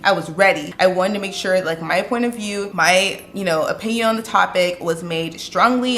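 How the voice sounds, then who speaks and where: A woman vlogging casually to camera, telling stories in a chatty, expressive way. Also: medium pitch, echoey room. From United States.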